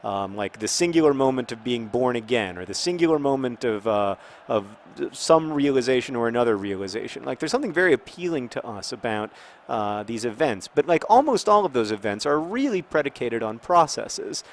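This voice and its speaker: A man's voice: mid-range voice, fairly quick, a little hiss or hum. Rambling man musing over a video game. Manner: rambling, many restarts, bursts of excited outcries at the game. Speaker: video blogger playing a football video game. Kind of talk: casual gameplay talk while discussing a topic.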